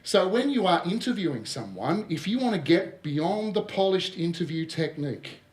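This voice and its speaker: An Australian man runs a business workshop in front of a live audience, his voice a touch high for a man. He talks in a lively, joking way, tossing out asides. The sound carries the echo of a big room. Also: moderate pace. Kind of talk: workshop presentation. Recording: roomy echo of a hall.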